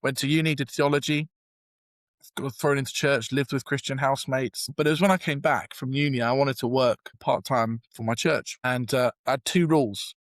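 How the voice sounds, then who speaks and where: Young British man, podcast guest, animated anecdote, mid pitch, dry close mic. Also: moderate pace, no room sound. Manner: animated, self-deprecating storyteller with many fillers. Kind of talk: storytelling in a podcast interview.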